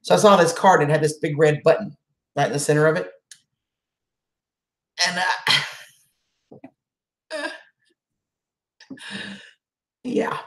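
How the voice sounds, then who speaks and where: A woman's voice: low-pitched, slow pace, pauses often, echoey room. A woman hosting a casual live chat, emotional as she answers viewer comments. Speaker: channel host doing a live chat.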